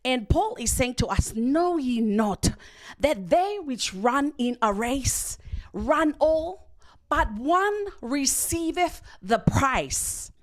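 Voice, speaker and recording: A woman preaching a sermon at a church service, reading scripture and explaining it slowly and deliberately. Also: sits high.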